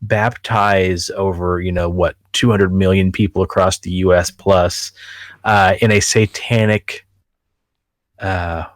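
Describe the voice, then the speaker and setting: A man's voice: low voice, steady tone, takes it slowly, no echo, studio quality. A man hosting a casual podcast, chatting in a crude, joking way and telling stories. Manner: crude, joking, storytelling with put-on voices. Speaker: podcast host. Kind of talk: casual chat.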